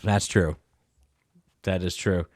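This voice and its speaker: A man's voice: low-pitched, fairly even intonation, takes it slowly, no room sound. A man hosting a casual podcast chat, rambling through history and often chuckling as he corrects himself. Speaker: podcast host.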